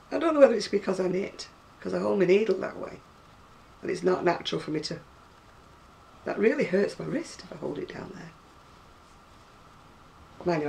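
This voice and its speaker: Gravelly older northern English woman. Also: mid-range voice, far from the mic, slight background noise. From North West England. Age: 60s. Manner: chatty and rambling, with frequent laughs. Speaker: craft seller. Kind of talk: casual chat to camera.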